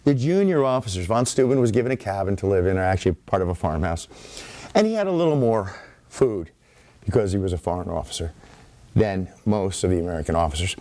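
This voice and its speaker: A middle-aged man, an author, giving a talk at a library and telling history as animated, acted-out anecdotes. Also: fairly low pitch, dry recording. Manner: animated storyteller who acts out anecdotes. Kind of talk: public lecture storytelling. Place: library event room.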